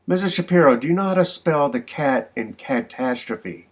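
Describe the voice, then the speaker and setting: Fed-up young grocery clerk, high pleading voice, guy putting it on. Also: animated, a little slow. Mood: exasperated.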